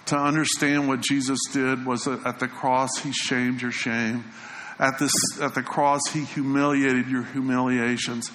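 A male pastor delivers a sermon in an easy, conversational way, sometimes sinking into a softer tone to stress a point. His voice is bright and forceful. It rings out through a church hall with a long echo and a faint hum of ambience behind it. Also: medium pitch, level tone, a little slow. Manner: conversational preaching, quoting scripture, dropping softly for emphasis. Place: church sanctuary.

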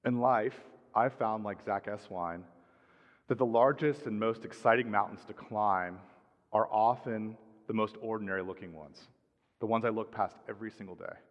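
Middle-aged pastor in a reverberant hall. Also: male voice, fairly low pitch, normal speed. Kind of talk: sermon. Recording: dull sound with long hall reverb.

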